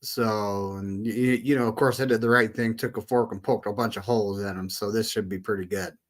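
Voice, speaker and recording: Relaxed man chatting casually. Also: on the low side, fairly quick. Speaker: podcast co-host. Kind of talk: casual fan chat.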